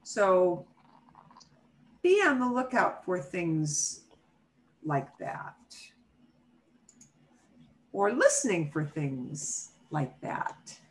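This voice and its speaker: Woman teacher, unhurried, repeats words slowly, video call audio. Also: fairly low pitch, sing-song, rough recording. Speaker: Spanish teacher. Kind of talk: online class instruction.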